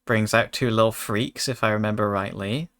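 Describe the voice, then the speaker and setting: A man's voice: lowish voice, steady tone, normal speed, fairly bright tone. A man streaming a card game, chatting casually with his chat and joking in mock anger. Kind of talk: casual gaming commentary.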